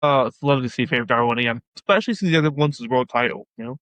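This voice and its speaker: A man's voice: medium pitch, racing, fairly bright tone, dry recording. A man co-hosting a casual motorsport podcast, joking and teasing his co-host through loose banter.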